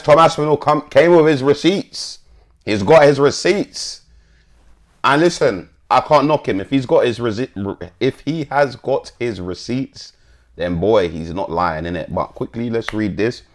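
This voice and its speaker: A man hosting an MMA commentary channel, chatting bluntly and swearing as he reads posts to his viewers. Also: low-pitched. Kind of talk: casual commentary, reading posts aloud.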